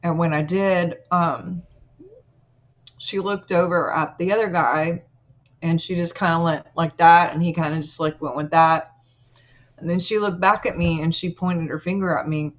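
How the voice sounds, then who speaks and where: A woman guest telling a personal story in an interview, earnest and halting, with many pauses. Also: fairly low pitch, muffled recording.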